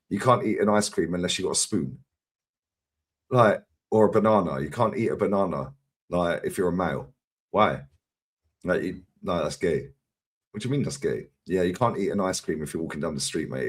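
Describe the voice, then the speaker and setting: A man with a London accent, co-hosting a fan stream and telling stories in casual chat, laughing and swearing freely. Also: low voice. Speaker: co-host of a football fan channel.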